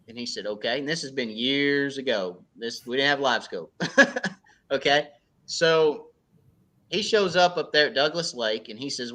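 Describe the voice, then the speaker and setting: A man's voice: mid-range voice, moderate pace. A man from the United States who runs a fishing club, telling stories in a casual chat and acting out what others said. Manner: storytelling, animated when quoting others. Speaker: crappie club organizer.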